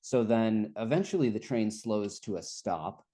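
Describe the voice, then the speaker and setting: Low-voiced young man telling a rambling story. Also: lively intonation, unhurried, mellow. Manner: rambling, laughing storytelling with heavy swearing. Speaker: guest storyteller. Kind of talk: casual chat.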